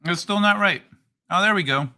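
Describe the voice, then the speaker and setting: A man's voice: high-pitched, normal speed, sharp tone. A man hosting a casual late-night stream, chatting loosely and swearing while reading chat aloud. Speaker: streamer host.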